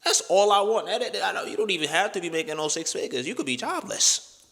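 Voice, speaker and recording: A man's voice: high voice, lively intonation, fast talker, gravelly, fairly bright tone, big-room sound. A young man talking bluntly into the camera in a casual opinion monologue. He swears freely and keeps asking "right?" and "you know what I'm saying". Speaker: vlogger.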